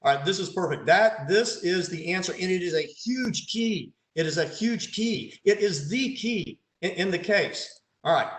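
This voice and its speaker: A man's voice: sits high, expressive, normal speed, few pauses. A man, a pathologist, leads an online case conference over slides, quizzing his audience and adding dry, sarcastic asides. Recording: roomy echo.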